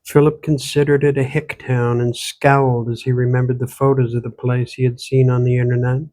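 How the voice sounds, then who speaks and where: An author reads his own gothic horror novel aloud as an audiobook, narrating steadily and with measured pacing in a mid-range voice.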